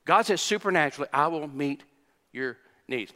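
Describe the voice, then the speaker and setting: A man's voice: on the high side, expressive, a little fast, sharp tone. A man in his sixties, a pastor delivering a sermon, emphatic, repeating phrases and putting questions to the congregation. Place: church sanctuary. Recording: long hall reverb from church.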